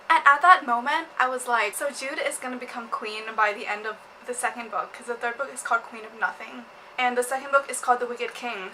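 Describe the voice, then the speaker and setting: A woman's voice: on the high side, pushed and bright, slight background noise, low-quality recording. A young woman vlogging about a book, giggly and gushing, laughing and apologizing as she talks. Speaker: booktube vlogger. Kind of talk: casual chat.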